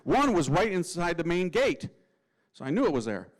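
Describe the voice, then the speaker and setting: A male priest telling his story with humor and slang, and he mimics the people in it. His voice sits a little higher than most men's. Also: normal speed, poor audio. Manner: lively, slangy, acts out voices. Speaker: Catholic priest.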